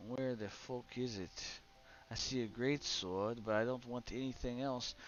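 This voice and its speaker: A man's voice: medium pitch, steady tone, measured pace, a little hiss or hum. A young man streaming a game, muttering casually to his chat and swearing at the menus. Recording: slightly dull lo-fi stream audio with faint music.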